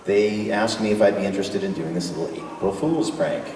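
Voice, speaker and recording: This guest voice actor fields fan questions at a convention panel, his low, darkish voice moving briskly as he jokes with enthusiasm. It's captured from a distance in an echoey convention hall, with a little faint noise.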